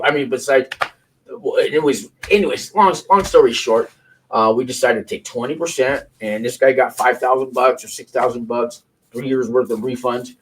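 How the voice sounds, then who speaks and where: Candid husky-voiced man, rambling. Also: mid-range voice, moderate pace, fairly bright tone, poor audio. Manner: candid, rambling with restarts and swearing. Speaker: host reacting to news clips. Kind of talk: casual chat.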